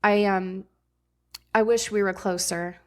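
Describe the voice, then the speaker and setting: A woman's voice: mid-range voice, steady tone, unhurried. A middle-aged woman, a podcast guest and former ER nurse, telling her story candidly in a blunt, casual way with frank swearing.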